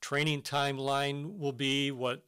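A man's voice: medium pitch, level tone, unhurried, pushed and bright, clean tone. A man presenting a business webinar, giving earnest step-by-step advice on hiring with some fillers and restarts. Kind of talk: instructional webinar talk.

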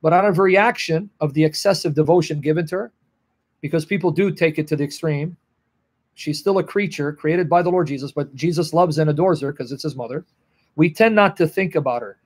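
A man's voice: on the high side, fairly quick, breathy edge. A man teaching the Bible on a livestream, earnest and emotional, answering viewers in the chat by name.

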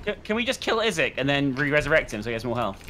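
A player chatting and swearing casually during a co-op game, calling out threats excitedly. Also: mid-range voice, racing, a little hiss or hum. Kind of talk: casual gaming chat.

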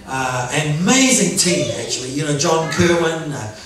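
A high-voiced man preaches in a lively, playful way, laughing at his own jokes and pressing his listeners for amens. His voice comes from some way off the mic in a very echoey church hall. The congregation answers him now and then. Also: normal speed, recorded from a distance. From New Zealand. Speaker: pastor. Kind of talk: sermon.

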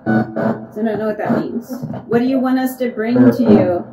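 A woman's voice: fairly high pitch, normal speed, vocal fry, music in the background. A woman working as a paranormal investigator, earnestly asking questions aloud and repeating the phrases she hears during a spirit box session. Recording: echoey, distant, noisy room.

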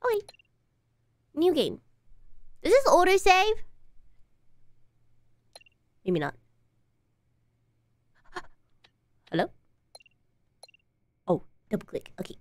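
A woman streaming a game live, playful and excitable, gasping, meowing and talking in cutesy broken grammar. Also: extremely high pitch, slow, pauses often, no room sound.

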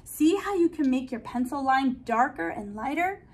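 A woman reading aloud from a storybook, voicing a tall, graceful female art teacher who gives emphatic, lively instructions. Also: sits high, moderate pace. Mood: instructive.

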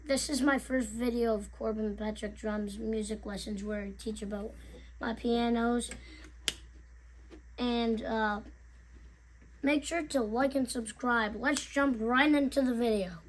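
A young woman giving a home video music lesson, explaining note names slowly with halting pauses and singing them. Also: fairly high pitch, fairly bright tone. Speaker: music teacher.

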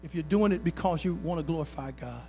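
High-voiced pastor preaching with swing. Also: male voice, animated, quick pace, darkish tone, slight background noise. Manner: preacher's call-and-response, folksy, rising to emphatic. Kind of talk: sermon with personal stories. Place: church sanctuary.

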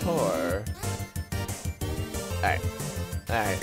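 A man commenting excitedly on his own gameplay and reading game lines aloud in voices. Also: mid-range voice, a little slow. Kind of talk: let's play commentary. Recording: game music playing behind.

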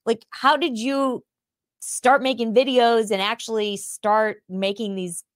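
A talk show host with a slightly high, steady voice reads a sponsor spot and chats with a guest in a casual interview, bubbly, effusive, and quick to laugh. The studio sound is clean with no echo.

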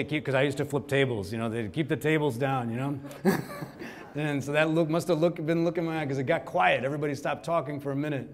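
Conversational male keynote speaker. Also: mid-range voice. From Kerala, India. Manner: conversational, lots of asides and "you know". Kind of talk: storytelling speech. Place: conference hall before an audience.

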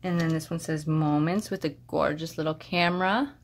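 A woman's voice: low-pitched, moderate pace. Gushing woman showing off craft mail. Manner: gushing, excitable, rambling. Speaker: crafting vlogger. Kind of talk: casual show-and-tell of craft mail. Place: home craft desk.

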